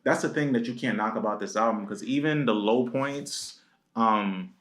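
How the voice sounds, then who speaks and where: A young man co-hosting a casual talk show, talking in a relaxed, reflective way with many fillers. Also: mid-range voice, moderate pace. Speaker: podcast co-host. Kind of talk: casual chat.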